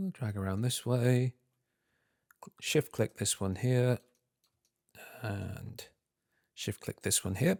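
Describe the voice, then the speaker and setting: A low-voiced man narrates a screen-recorded tutorial, talking himself through each step and humming little filler sounds as he works. The recording is dry and close, with no room around it. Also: fairly even intonation, slow pace, vocal fry, pauses often, a little mellow, no echo. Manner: muttering to himself, humming filler syllables while working; self-deprecating, talking through steps. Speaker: tutorial host.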